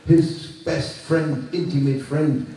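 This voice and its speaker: A man telling a teaching story to a workshop group, halting and repeating himself, with moralizing asides. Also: fairly high pitch, steady tone, warm tone. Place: workshop room. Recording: echoey room from far off.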